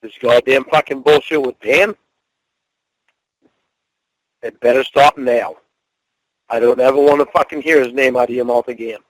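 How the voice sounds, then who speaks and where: A man's voice: medium pitch, fairly even intonation, normal speed, pauses often, no echo, rough recording. A man in a heated argument, angry and bitter, swearing and issuing ultimatums. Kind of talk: heated argument on a phone call.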